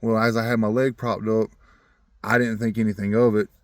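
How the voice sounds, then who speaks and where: Man with a lowish voice, earnest and rambling, chuckles a lot, warms up on faith; dry, close recording. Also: a little fast, no echo. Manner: grows more animated when talking about faith. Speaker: vlogger telling a personal story. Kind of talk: casual storytelling.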